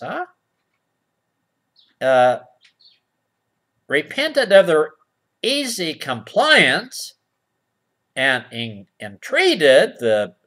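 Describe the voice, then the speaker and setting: Sarcastic man with wildly swooping pitch. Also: a bit bright. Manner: sarcastic, mock-innocent, keeps asking boys and girls; drawls slow over-read quotes. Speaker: comic reader of nursery rhymes. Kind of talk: mock children's-show comedy reading.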